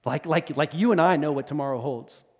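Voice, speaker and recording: A man preaching a sermon as pastor, in an animated, conversational way with asides and laughs. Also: a little high, fairly quick. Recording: long reverb of a large hall.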